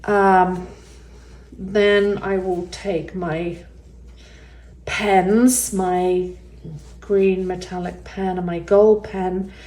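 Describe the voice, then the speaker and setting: A woman's voice: mid-range voice, flat delivery, extremely slow, long pauses, dark tone. A woman giving a casual step-by-step craft demonstration, chatty and thinking aloud with the odd um. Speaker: resin art tutorial maker. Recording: roomy echo.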